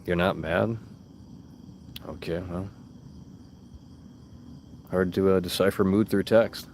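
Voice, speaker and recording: A man's voice: deep voice, fairly even intonation, slow, darkish tone, a little hiss or hum. A young man streaming and reading chat aloud, blunt and exasperated, swearing freely and mocking comments in sarcastic voices. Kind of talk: casual live-stream chat.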